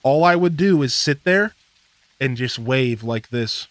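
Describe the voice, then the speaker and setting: A man's voice: mid-range voice, lively intonation, a little slow, a bit bright, no room sound. A man streaming a farming game, rambling through a casual story with lots of fillers and laughter. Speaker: gaming streamer. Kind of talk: casual gameplay commentary.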